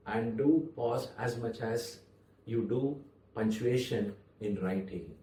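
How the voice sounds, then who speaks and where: Measured man in an echoey room. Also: mid-range voice, mellow. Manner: measured, with deliberate pauses and stressed words. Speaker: public speaking trainer. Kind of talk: spoken lesson to camera. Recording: echoey room, voice a little far from the mic.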